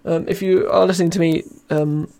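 A man's voice: a little high, steady tone, fairly quick, vocal fry, mellow. A young British man hosting a casual live podcast, rambling and self-mocking, tired with his voice wearing thin. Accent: British English. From Britain. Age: young adult. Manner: rambling, self-mocking, reads chat aloud. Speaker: podcast host.

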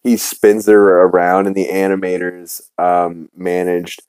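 A man's voice: deep voice, little pitch movement, measured pace, darkish tone, clear, resonant tone, dry recording. A man hosting a podcast, casually recapping a cartoon episode with lots of ums and uhs. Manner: rambling, many fillers. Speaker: podcast host.

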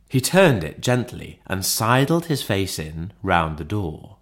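Man reading a classic story aloud, very lively pitch, theatrical. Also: unhurried. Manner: expressive, theatrical. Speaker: narrator. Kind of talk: audiobook narration.

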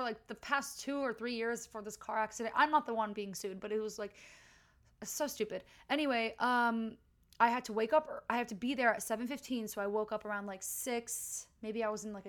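A woman hosting her own podcast, telling a rambling, self-deprecating story in a chatty, casual way into a home mic. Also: fairly high pitch. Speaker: podcast host. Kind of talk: casual story-time monologue. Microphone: home podcast mic with wire.

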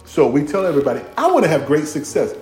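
A man delivers a sermon in a fairly high, very lively voice that leaps up and down in pitch. He preaches with humor in everyday vernacular, slipping into acted-out dialogue, and faint music plays softly behind him. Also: fast. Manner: Southern-inflected vernacular, y'all and ain't. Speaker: pastor.

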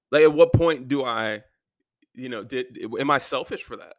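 A man's voice: mid-range voice, normal speed, no room sound. A young man venting in a rambling, profane personal monologue about his life. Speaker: vlogger.

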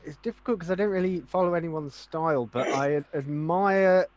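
A man's voice: on the high side, normal speed, a little mellow, no room sound, muffled recording. An actor answering interview questions, hesitant and wry, thinking aloud as he goes. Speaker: actor, regular host. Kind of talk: casual podcast interview.

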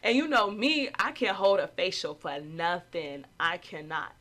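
Animated young woman telling a story. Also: a little slow. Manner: animated, acts out quotes in higher voices. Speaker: after-school program staff. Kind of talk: casual storytelling.

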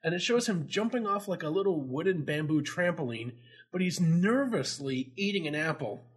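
High, husky, giggly man. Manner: giggly, excitable, quick to laugh. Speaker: co-host. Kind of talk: casual game-review chat.

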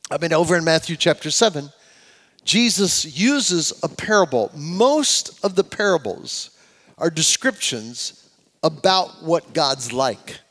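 Older male pastor, slightly high voice, sermon with call-and-response, long church reverb. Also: big pitch swings, measured pace. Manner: leads congregation in call-and-response, swings from loud preaching to soft asides. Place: church sanctuary.

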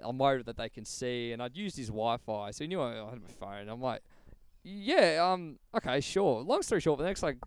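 Lively, laughing male storyteller. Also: medium pitch, fast, few pauses, smooth. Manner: animated, laughs often, swears freely. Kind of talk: casual storytelling.

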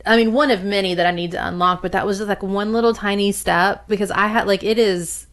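A woman's voice: medium pitch, fairly even intonation, fairly quick. A woman chatting casually, with a loose, filler-heavy way of talking. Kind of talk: casual conversation.

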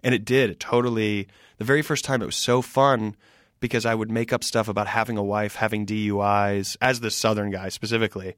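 A man in his thirties, a stand-up comedian guest, telling stories in a casual, animated way. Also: fairly low pitch, no echo, studio quality. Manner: animated, quick storytelling with laughs. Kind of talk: casual interview chat.

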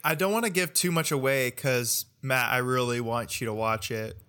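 A man of ordinary middle pitch chats on a podcast. He is relaxed and eager, and he stretches out his words for emphasis. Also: normal speed, clean tone. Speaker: podcast co-host. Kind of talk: casual chat.

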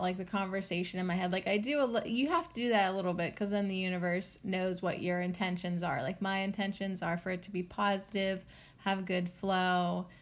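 A woman hosting a casual solo podcast, chatty and bubbly, rambling with lots of fillers and little giggles. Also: lowish voice. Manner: loose, rambling talk with many fillers. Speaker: podcast host.

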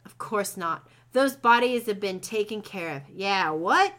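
A secretive woman manager with a bright, sharp-edged voice, brushing off questions with quick, defensive denials. A woman reads her aloud, putting on little more than her own voice. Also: medium pitch, expressive. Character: secretive woman manager, snappish when pressed.

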